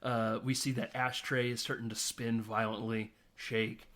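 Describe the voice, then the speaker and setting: A man chatting through a film plot on a podcast, full of fillers and quick asides. His voice sits at an ordinary middle pitch. He acts out the characters' lines in passing. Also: little pitch movement, a bit bright. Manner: rambling retelling with many fillers and acted-out quotes. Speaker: podcast co-host. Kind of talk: casual film discussion.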